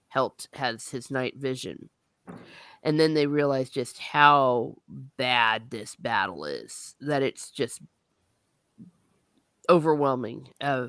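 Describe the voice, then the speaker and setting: Woman host, low-pitched and leisurely, casual plot recaps with the odd swear word. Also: fairly bright tone, no room sound, studio quality. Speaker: book discussion host. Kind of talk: casual book discussion.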